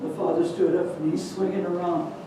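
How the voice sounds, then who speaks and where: An older woman telling a folk tale aloud to an audience, animated and chatty, slipping in Spanish words. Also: fairly low pitch, fairly quick. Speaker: storyteller. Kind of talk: lively live storytelling. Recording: echoey hall, distant mic, noisy.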